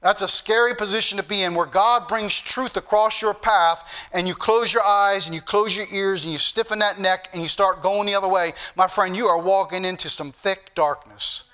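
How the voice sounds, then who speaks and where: A male pastor delivers a fervent sermon. His voice sits high and rings bright and forceful. He repeats phrases and keeps calling on the brethren. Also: moderate pace, hardly any pauses.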